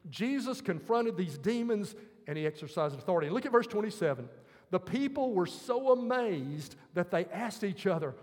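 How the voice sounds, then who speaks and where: A man's voice: sits high, in a large hall. A male preacher giving a sermon, earnestly explaining scripture verse by verse.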